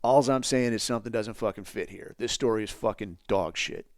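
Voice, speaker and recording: A man's voice: lowish voice, brisk, no room sound, clean studio sound. Blunt, foul-mouthed man ranting. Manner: blunt, sarcastic, heavy swearing. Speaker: podcast host. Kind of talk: profane ranting commentary.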